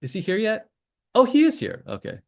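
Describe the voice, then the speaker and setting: Rambling gravelly man hosting a trading call. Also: high-pitched, wildly swooping pitch, a little fast, a little mellow. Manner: rambling, joking asides, many fillers. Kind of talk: casual screen-share commentary.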